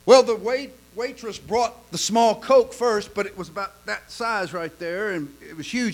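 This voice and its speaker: A man preaching in a folksy, joke-telling sermon style, stammering and repeating himself, swinging from quiet asides to loud punchlines. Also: high-pitched, unhurried, few pauses. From lives in Oklahoma.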